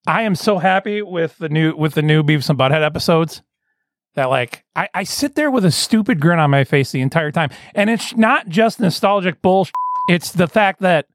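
Excitable high-voiced man hosting a podcast. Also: moderate pace, no echo, clean studio sound. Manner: excitable, laughs often, restarts sentences. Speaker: podcast host. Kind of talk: casual comedy podcast chat.

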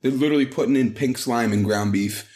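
A man's voice: mid-range voice, fairly quick. A man in his thirties, co-hosting a casual podcast, telling profane work stories and acting out what people said. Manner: profane storytelling, animated retellings. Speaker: podcast co-host. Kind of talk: casual chat.

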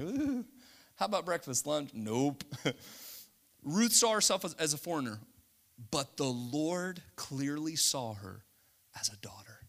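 A male preacher giving an animated sermon, laughing often and acting out scenes. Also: mid-range voice.

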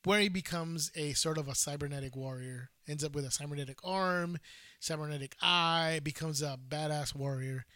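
Excitable guy chatting on a podcast, forceful bright tone, dry close sound. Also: a little high, moderate pace, dry recording. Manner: enthusiastic, storytelling, says "dude" often. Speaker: podcast co-host. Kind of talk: casual chat.

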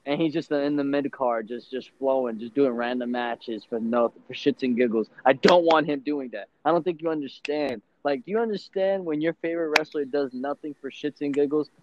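A man's voice: mid-range voice, brisk, hardly any pauses, muffled recording, background noise. A man talking emphatically in a casual podcast chat, often laughing.

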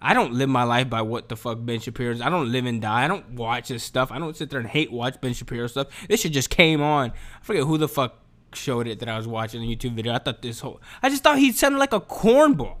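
A man's voice: medium pitch, expressive, fast, a bit bright. A young man ranting casually on camera, profane and slangy, often restarting and repeating his words. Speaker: commentator. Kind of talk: casual opinion rant.

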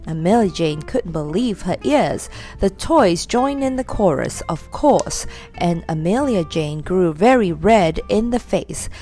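A woman reading a children's story aloud in a lively, expressive way. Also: fairly low pitch, unhurried, faint music behind.

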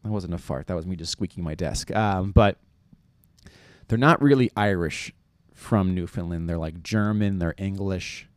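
At normal speed and in a low voice, the young man from New York meanders through his casual comedy monologue, mocking himself and constantly restarting and using fillers, with no echo in the recording.

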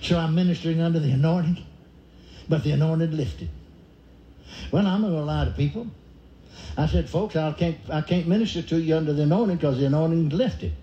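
A man's voice: a little high, a little fast, long pauses, dark tone, slight background noise. An older man preaching a sermon, telling a story and acting out the voices in it. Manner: acts out forced laughter and quoted dialogue. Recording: echoey dull room recording.

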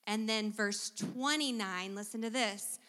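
Lady teaching a church crowd, crisp bright voice, keeps asking them questions, big hall echo. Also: medium pitch, a little slow. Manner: teacherly, engages the audience with questions. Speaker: guest speaker at a church service. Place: church sanctuary.

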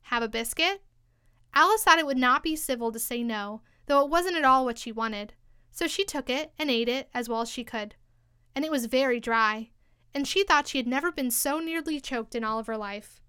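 A woman reading a classic storybook aloud in a gentle, measured way. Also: sits high, clean tone, no room sound, studio quality. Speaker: narrator.

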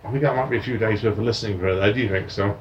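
A man's voice: on the low side, fairly even intonation, rapid-fire, dull audio, background noise. A man hosting a casual podcast, reading out news items in a chatty, rambling way. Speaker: podcast host.

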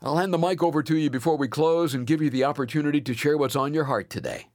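A man hosting a radio program, reading announcements and a donation appeal in a smooth, measured way. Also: a little high, darkish tone, no echo, clean studio sound.

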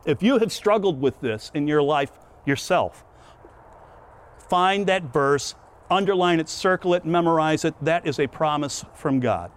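A man preaching a sermon, telling a personal story in an earnest, emphatic, lively way. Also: on the high side, normal speed, few pauses.

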